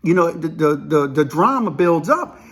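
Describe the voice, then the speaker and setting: Husky high-voiced man telling a story. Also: normal speed. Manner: animated, acts out quoted dialogue, peppers speech with "man" and "you know". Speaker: storyteller recalling prison life. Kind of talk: casual spoken storytelling.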